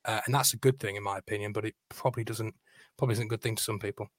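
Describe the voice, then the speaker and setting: A man's voice: lowish voice, steady tone, rapid-fire, dry recording. Opinionated man, dry close sound. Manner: firm, opinionated. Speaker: podcast co-host. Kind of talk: casual football chat.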